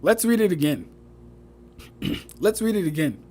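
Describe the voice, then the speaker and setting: A man's voice: sits high, sing-song, measured pace, mellow, a little hiss or hum. A young man giving casual livestream commentary, mocking and exasperated, swearing, repeating himself and laughing often. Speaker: streamer reviewing fan debates.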